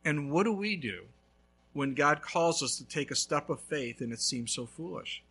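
A male pastor preaching a sermon, telling a story with lively swings between loud and hushed. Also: on the high side, normal speed, husky.

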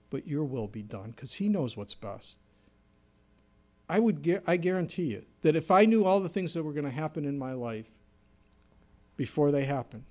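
A middle-aged man preaching a sermon as pastor, animated, acting out quoted voices with sudden jumps in pitch and volume.

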